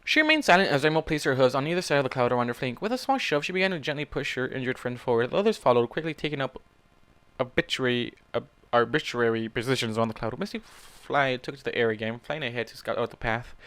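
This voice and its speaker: A man's voice: mid-range voice, sing-song, fast talker, hardly any pauses, a bit bright, clean tone, no room sound. A man reading fan fiction aloud in a casual way, stopping to react and swear at the story. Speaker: fanfic reader.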